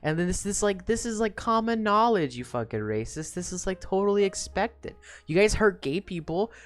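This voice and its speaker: A woman voicing a breezy, upbeat male villain leader who smooths things over in casual, swearing speech. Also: medium pitch, sing-song, moderate pace, voice pushed up, natural voice. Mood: placating.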